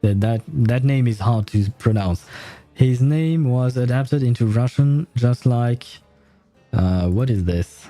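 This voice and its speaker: A man's voice: medium pitch, slow pace, mellow, dry recording. A man giving chatty, amused let's-play commentary as a streamer, with faint game music behind. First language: French. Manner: chatty, amused, nitpicky asides.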